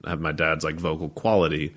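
A man talking casually as a podcast guest, with a calm, radio-style delivery and frequent laughter. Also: a bass voice, brisk. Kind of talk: casual conversation.

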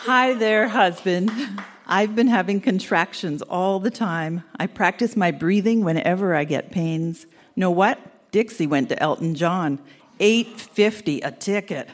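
A woman's voice: fairly low pitch, unhurried, long reverb tail, some chatter behind. A young woman talking as if recording letters to her husband, teasing and giggly. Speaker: letter writer. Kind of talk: reading old tape letters aloud.

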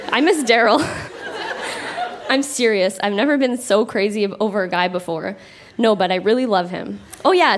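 A woman's voice: medium pitch, noisy background. A young woman from Canada reading her childhood diary aloud on a live theatre stage, often laughing as she reads. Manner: amused, breaks into laughter often. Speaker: guest reader.

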